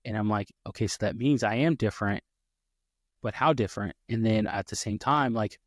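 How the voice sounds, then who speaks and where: A mid-pitched man co-hosting a podcast tells a long story in loose, casual, brisk talk. He's animated, slips into other people's voices, and often backs up to restart sentences, with a dry, close sound and no room echo.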